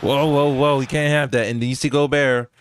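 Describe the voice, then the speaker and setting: A man's voice: mid-range voice, fairly even intonation, a little fast, a little hiss or hum. A man giving casual, slangy reaction commentary over basketball footage, laughing often and talking straight to his viewers. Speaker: YouTube sports commentator.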